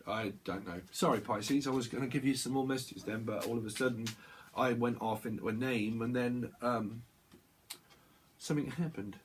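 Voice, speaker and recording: A man's voice: mid-range voice, moderate pace, slight background noise. A man giving a rambling tarot reading, talking to himself, repeating words and breaking off mid-thought. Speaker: tarot reader.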